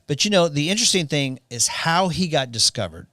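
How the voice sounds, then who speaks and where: Podcast co-host, male, lively storyteller who does the voices in his quotes, dry close mic. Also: on the high side, fairly quick, dry recording. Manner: animated, acts out quotes while telling stories. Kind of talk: casual storytelling chat.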